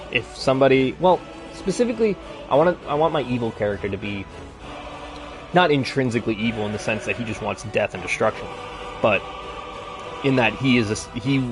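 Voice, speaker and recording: A man chatting casually on a live stream, rambling and swearing freely as he rants. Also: medium pitch.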